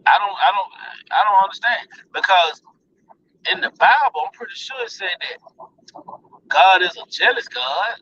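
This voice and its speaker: A man's voice: high-pitched, animated, moderate pace, long pauses, pushed and bright, recorded from a distance, muffled recording, a little hiss or hum. A man ranting bluntly and profanely to his viewers in a casual vlog. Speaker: vlogger.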